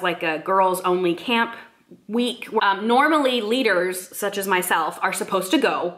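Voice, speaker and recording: A woman's voice: mid-range voice, fairly bright tone. Young pregnant woman, vlogger, talkative and giggly, mid-range voice. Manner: chatty, laughs often, many "like" fillers. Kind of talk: casual vlog chat.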